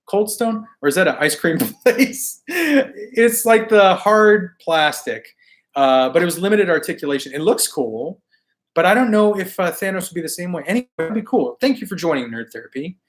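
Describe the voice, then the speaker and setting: A man hosting a live stream, his voice going hoarse as he loses it. He sits a little higher in pitch than most men and keeps things laid-back and slangy, chatting with viewers and laughing easily between comments. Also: very animated, moderate pace. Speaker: toy collecting live stream host.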